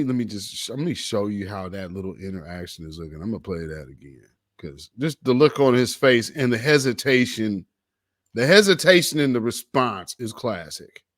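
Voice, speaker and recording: A man's voice: lowish voice, fairly bright tone. A man hosting a commentary show, reacting to video clips in an emphatic, preachy way and drawing out the words he stresses. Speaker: commentary host.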